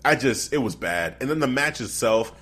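A man co-hosting a casual wrestling podcast, talking in an animated, incredulous way and laughing often. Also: mid-range voice, normal speed, breathy edge. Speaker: podcast co-host.

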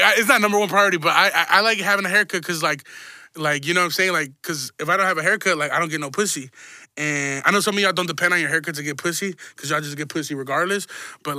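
A man's voice: on the high side, sharp tone, no room sound, studio quality. A young man hosting a podcast, rambling through a crude, self-mocking comedic monologue full of profanity. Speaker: podcast host.

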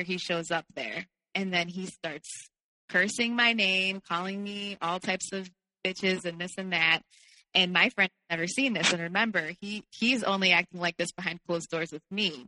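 A woman's voice: on the low side, bright, forceful tone, no echo, in a large hall, poor audio. A young woman telling a personal story as a podcast guest in a candid, casual way, with many fillers.

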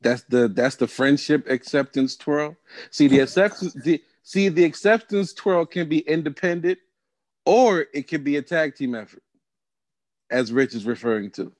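A man co-hosting a podcast in casual chat, playful and quick to laugh. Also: on the high side, darkish tone, dry recording. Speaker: podcast co-host.

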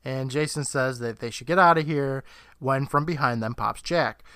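A man with a bright, forceful voice recaps a TV episode for a podcast. He talks in a loose, laughing way, swears freely and slips into quick character impressions. His voice sounds dry and close, with no room echo. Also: medium pitch, clean tone. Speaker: podcast co-host.

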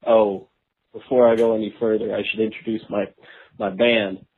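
A man doing an impression of a famous rock singer who is laid-back and self-promoting. He leaves a voicemail in a mumbling low drawl with sudden sung outbursts. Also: flat delivery, moderate pace, a little hiss or hum, lightly acted. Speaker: voicemail caller. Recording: tinny phone voicemail.

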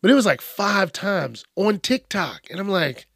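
A man's voice: high voice, big pitch swings, unhurried, creaky, a bit bright, no echo, studio quality. A man on a podcast, ranting crudely and mockingly with lots of swearing. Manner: profane, mocking, acts out whiny voices. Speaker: podcast host. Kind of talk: crude comedic rant.

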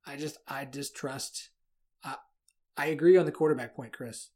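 A man's voice: medium pitch, fairly even intonation, normal speed, a little mellow. A man hosting a casual college sports podcast, chatting and reading a sponsor spot in a loose, self-deprecating way. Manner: chatty, self-deprecating, reads ads conversationally. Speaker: podcast host.

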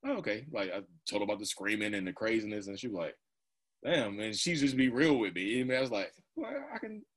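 Husky man in his thirties, candid and rambling. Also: on the low side, lively intonation, quick pace. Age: 30s. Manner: casual, rambling, laughs often, quotes himself in asides. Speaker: interview guest. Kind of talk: candid personal conversation.

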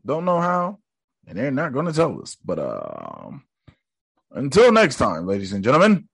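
A man's voice: medium pitch, huge pitch swings, moderate pace, gravelly, a bit bright, slightly rough, dry recording. A young man giving a casual, joking recap of a show episode, full of slang and profanity.

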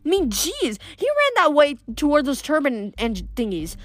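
Woman voicing a brash, fast-talking teenage girl. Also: high-pitched, very animated, a bit bright, dry recording, pitched above the performer's own voice. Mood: rapid-fire. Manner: fast, blunt, exasperated questioning. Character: brash, chatty teenage girl, rapid-fire questioner.

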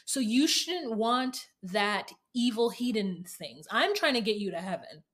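A woman's voice: on the high side, animated, measured pace, fairly bright tone. A woman voicing an earnest, devout young husband who pleads and repeats endearments. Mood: preachy.

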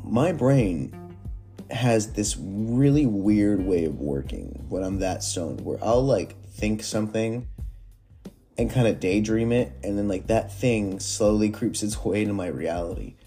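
Young guy rambling thru reddit stories, kinda low voice, swears a lot, faint music behind. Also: takes it slowly. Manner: rambling and animated, lots of fillers and swearing. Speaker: storyteller reading Reddit posts. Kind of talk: casual storytelling.

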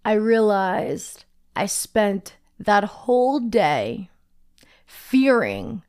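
A woman's voice: medium pitch, big pitch swings, drawn-out words, darkish tone, clear, resonant tone. A young woman vlogger telling a personal story in a candid, chatty way, often saying "like".

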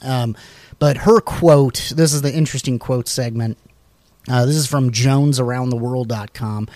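A man co-hosting a casual chat, reading facts off slides in a relaxed, rambling way with many fillers and restarts. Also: mid-range voice, normal speed, no echo. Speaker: podcast co-host.

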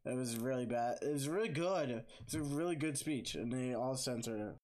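A man's voice: medium pitch, moderate pace, darkish tone. A young man hosting a casual podcast, rambling and hesitant, full of fillers. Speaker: podcast host. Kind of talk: casual chat.

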